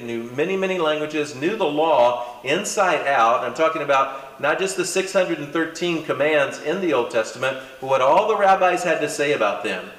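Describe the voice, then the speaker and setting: Male lecturer, animated conversational delivery, mid-pitched, recorded in a reverberant room. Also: far from the mic. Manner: animated, conversational teaching with asides and emphasis. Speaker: Bible teacher. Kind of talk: classroom lecture.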